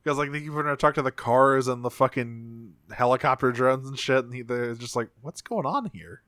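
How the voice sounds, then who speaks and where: A man in a relaxed podcast chat, his mid-pitched voice smooth and resonant. He rambles through a cartoon recap with plenty of ums and casual swearing. The sound is close and dry, with no room around it. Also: fairly quick, no room sound. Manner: laid-back, swears freely, many fillers, acts out lines. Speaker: podcast co-host.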